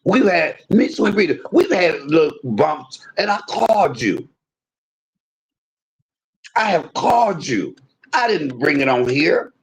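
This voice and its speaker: Husky man ranting on a livestream. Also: big pitch swings, takes it slowly, long pauses. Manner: aggrieved, swings between loud outbursts and low muttering; swears freely, talks straight to viewers. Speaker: livestream host. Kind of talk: emotional livestream rant.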